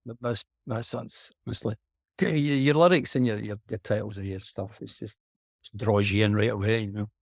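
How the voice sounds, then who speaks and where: A middle-aged man with a Scottish accent, a guest actor talking earnestly and haltingly over a video call. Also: on the low side, steady tone, no room sound, studio quality. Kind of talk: reflective conversation.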